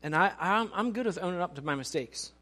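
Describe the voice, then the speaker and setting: A middle-aged male pastor delivers a conversational sermon, often restarting sentences and poking fun at himself. He talks fast and animated, in a high, pushed, bright voice.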